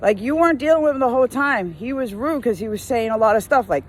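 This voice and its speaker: A woman's voice: fairly high pitch, expressive, quick pace, slight background noise. A woman who works in retail, venting in a casual rant while driving, exasperated and full of slang, mimicking customers as she goes. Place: in a car.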